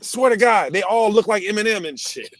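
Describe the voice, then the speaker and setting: Podcast host, a man from Los Angeles with a slightly raised pitch, loose and profane, rambling with lots of fillers. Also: expressive, normal speed, fairly bright tone. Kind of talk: casual chat.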